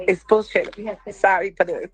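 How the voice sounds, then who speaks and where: A woman's voice: medium pitch, breathy edge, poor audio. Upset woman venting into her phone. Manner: upset, talking fast with sharp questions. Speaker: vlogger. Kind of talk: filming herself in a casual rant. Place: airport.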